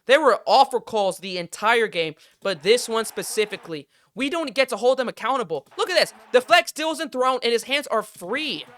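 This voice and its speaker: A man's voice: extremely high pitch, animated, normal speed, hardly any pauses, a bit bright, no room sound. A young man hosting a sports podcast, ranting heatedly and with plenty of swearing. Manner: heated, profane, exasperated ranting. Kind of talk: casual sports rant.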